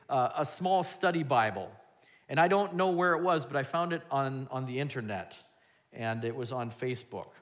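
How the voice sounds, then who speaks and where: A pastor preaching a sermon, shifting between loud emphatic lines and quiet asides, and acting out quoted voices in a raised voice. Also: male voice, fairly high pitch.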